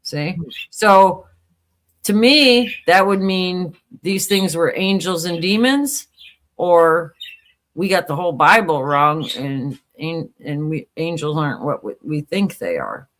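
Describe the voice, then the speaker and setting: A woman co-hosting a casual talk show, speaking in an animated way with frequent restarts. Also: lowish voice, slow pace. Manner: animated, laughing, talks through ideas in restarts. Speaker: co-host.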